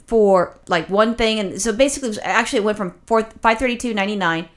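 Woman co-host, casual chat. Profane, exasperated storyteller, rambling and animated. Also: mid-range voice. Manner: animated, rapid rambling with restarts. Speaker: podcast co-host.

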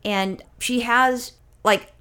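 A woman's voice: fairly high pitch, fairly even intonation, extremely slow, bright, forceful tone, smooth. A woman co-hosting a comedy podcast, telling a rambling story and swearing freely.

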